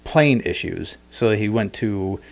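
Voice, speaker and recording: A man hosting a podcast, telling a story in a rambling, animated way, with many restarts and fillers. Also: on the low side, takes it slowly, creaky. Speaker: podcast host. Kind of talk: casual chat.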